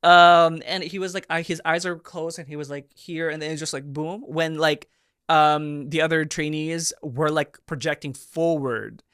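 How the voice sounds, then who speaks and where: A man in his thirties hosting a reaction video, giving casual and animated commentary with excited exclamations. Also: on the high side, moderate pace, clear, resonant tone, no echo, studio quality. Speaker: reaction video host, performer.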